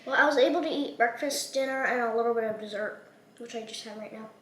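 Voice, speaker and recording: Stuffy-nosed woman, somewhat high voice. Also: fast, echoey room, noisy background. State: stuffy nose.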